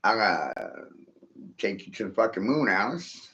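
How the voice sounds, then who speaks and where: A man's voice: lowish voice, big pitch swings, normal speed, sharp tone. A man delivering a rambling, profane monologue, swearing freely, laughing often and asking "right?" after his points. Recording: dull lo-fi recording.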